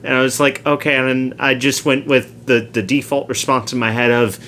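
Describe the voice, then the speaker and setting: A man co-hosting a podcast, telling a rambling, animated anecdote and acting out the quoted lines. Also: medium pitch, fairly quick, hardly any pauses, a little hiss or hum. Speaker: podcast co-host. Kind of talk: casual storytelling.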